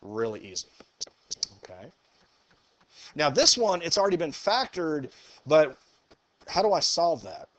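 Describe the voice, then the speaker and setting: Male math teacher in a classroom, upbeat and encouraging, voice a bit high. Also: very animated, measured pace, long pauses, no echo. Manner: upbeat, encouraging, thinks aloud. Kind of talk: classroom lecture.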